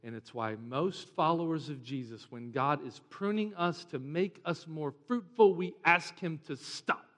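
A man preaching a sermon as pastor, animated and joking, sometimes mimicking whiny voices. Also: a little high, measured pace, few pauses. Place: church sanctuary. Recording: long reverb of a large hall.

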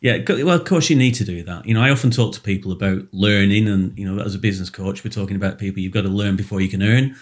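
A business coach hosting a podcast, telling anecdotes in a casual chat over a video call from a small spare room. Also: male voice, fairly low pitch, quick pace, hardly any pauses.

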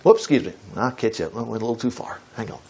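A man preaching a sermon, reading Bible verses slowly and breaking off for folksy, exclamatory comments. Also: mid-range voice, sing-song, mellow, slightly rough. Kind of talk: sermon reading scripture aloud.

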